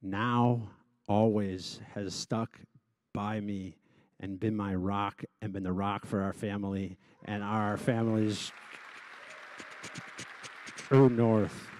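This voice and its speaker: A man's voice: on the low side, steady tone, slow pace, long pauses, a little mellow, dry recording. Man who stutters, giving a dry close speech. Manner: stutters openly, with repeated sounds and restarts. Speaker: gala honoree giving a speech. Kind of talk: personal speech to a live audience.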